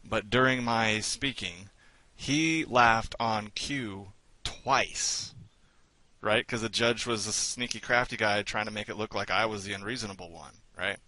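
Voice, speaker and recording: An American man in a casual group discussion, telling a personal story quickly and giving direct advice. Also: fairly low pitch, bright, forceful tone, dry recording, poor audio. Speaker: participant sharing advice.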